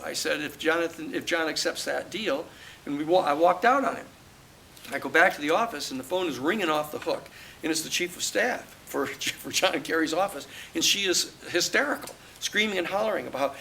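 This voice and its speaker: Raspy older man telling a story. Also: a little high, brisk, a little hiss or hum, rough recording. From United States. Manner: animated, acts out quoted dialogue. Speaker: lawyer and author presenting his book. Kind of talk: storytelling book talk. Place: live audience talk at a campus venue.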